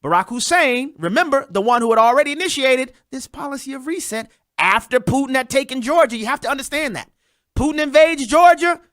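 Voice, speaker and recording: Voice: sits high, animated, fairly quick, fairly bright tone, no echo, clean studio sound. A host delivering a sarcastic political commentary monologue, talking straight to listeners and mocking the people discussed.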